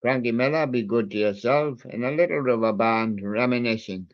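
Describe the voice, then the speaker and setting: A man's voice: medium pitch, normal speed. A man hosting a music show who reels off records and years in a loose, chatty way, slipping puns in between. His voice sits in a middle range and comes through a dull, lo-fi recording. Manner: rambling, wordplay on song titles. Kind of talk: casual record-show chat.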